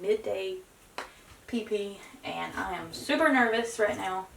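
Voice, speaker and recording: A young woman, vlogging casually to camera, excited and nervous, with many gasped exclamations. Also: medium pitch, a little slow, vocal fry, reverberant, loud music behind the voice, low-quality recording. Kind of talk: casual vlog talk to camera.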